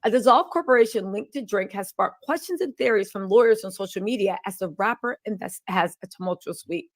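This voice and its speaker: A woman's voice: medium pitch, brisk. A woman co-hosting a live show, reading news items aloud and adding sarcastic, wry asides.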